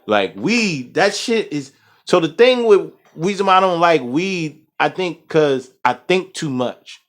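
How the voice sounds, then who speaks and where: A man on a casual podcast talks frankly about his own habits, starting and restarting his sentences. His pitch rises and falls a lot as he speaks. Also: very animated, measured pace, fairly bright tone. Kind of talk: casual chat.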